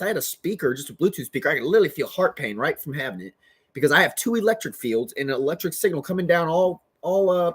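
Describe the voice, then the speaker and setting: A man's voice: on the high side, husky. A man giving an agitated, rambling monologue as a vlogger, swearing heavily. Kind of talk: profane ranting monologue.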